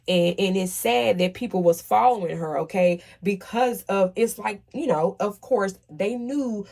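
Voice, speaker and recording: This tarot reader's voice is mid-range, creaky and darkish, and she takes her time. Her casual reading is emphatic, punctuated by "okay?" after almost every point, and she curses when she gets heated.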